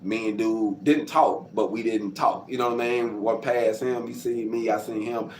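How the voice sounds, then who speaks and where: A man from Arkansas, casually telling his life story to camera, acting out quotes and sound effects and getting loud as he goes. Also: fairly low pitch, fairly even intonation, moderate pace. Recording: roomy with faint background noise.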